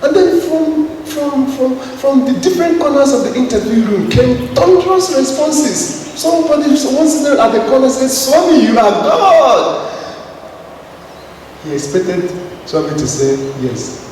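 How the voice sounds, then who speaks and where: A man's voice: extremely high pitch, expressive, moderate pace, warm tone. A man from Nigeria, a Catholic priest, giving a spiritual talk to a gathering, telling a story and leading the audience in call and response. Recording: echoey hall, voice from far off, noisy.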